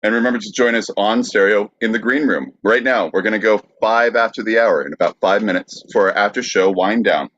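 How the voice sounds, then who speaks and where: A man's voice: fairly low pitch, a little fast, hardly any pauses, fairly bright tone, no echo. A man from Brooklyn hosting a podcast, giving a friendly, announcer-like sign-off. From Brooklyn, New York. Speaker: podcast host. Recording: dry, slightly dull sound.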